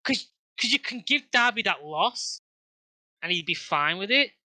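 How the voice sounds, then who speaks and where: Man, casual podcast chat, rambling, very bright tone, dry close sound. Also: high-pitched, animated, measured pace, no echo. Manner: rambling, restarts often, lots of fillers and swearing. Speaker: podcast co-host.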